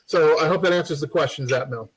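A husky-voiced man, fairly high-pitched for a male, runs a loose live tutorial on making a game. The game development instructor rambles, restarts, says um often and cracks jokes to chat, all on a low-quality recording.

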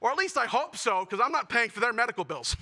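A young man with a very high, bright voice performs a stand-up comedy set. He tells self-deprecating stories with animated delivery. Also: fast talker. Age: young adult.

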